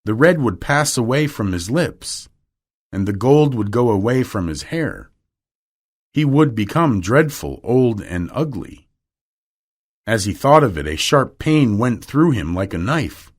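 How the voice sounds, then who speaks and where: A male narrator reads a classic novel aloud for English learners. His delivery is clear and deliberate, slow and steady. His pitch moves in an expressive, lively way. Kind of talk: audiobook reading for English learners.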